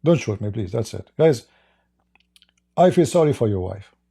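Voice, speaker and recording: Arab-accented male debater, gravelly and husky, sarcastic, repeats himself, stumbles into restarts. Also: lowish voice, expressive, normal speed, dark tone. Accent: Arabic. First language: Arabic. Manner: sarcastic, repetitive, stammering restarts. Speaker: online religious debater. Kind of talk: addressing viewers in a stream.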